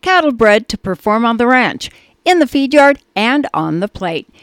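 A female radio co-host reading ads with an upbeat, brisk promotional delivery. Her voice sits a little high, and the sound is dry and close to the mic. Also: big pitch swings, clear, resonant tone, no room sound. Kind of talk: radio ad reads.

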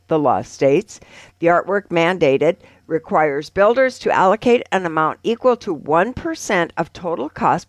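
A chatty, upbeat woman hosting a radio program and reading the ads. Her pitch is lively and moves around a lot. The recording is dry and close. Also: dry recording. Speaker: radio host.

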